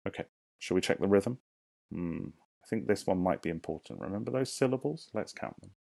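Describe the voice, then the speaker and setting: Speaking slowly to young children in a recorded lesson, this primary teacher asks questions and counts syllables aloud. His voice is low, gravelly, warm and expressive, captured dry and close with no room sound.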